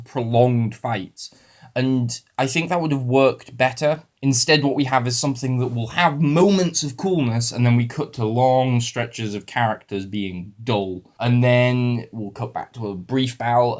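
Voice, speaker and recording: A man talking through a film review in a loose, casual way. He rambles, restarts his sentences and adds wry asides as he goes. His voice sits at an ordinary middle pitch. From United Kingdom. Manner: rambling, self-correcting, wry.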